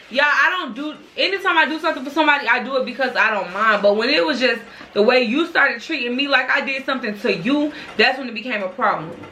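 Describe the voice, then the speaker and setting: A young adult woman vlogger telling a storytime story in casual chat, animated and profane, acting out the dialogue as she goes. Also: a little high, a little hiss or hum.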